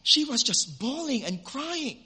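A male pastor tells a story in his sermon, his high and bright voice jumping between loud, lively bursts and hushed, earnest stretches. He speaks as a preacher to his congregation. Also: measured pace, husky.

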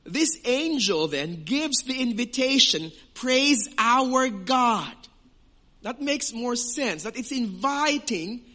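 A man's voice: extremely high pitch, sharp tone. A man preaching a sermon as pastor, emphatic, with rhetorical questions.

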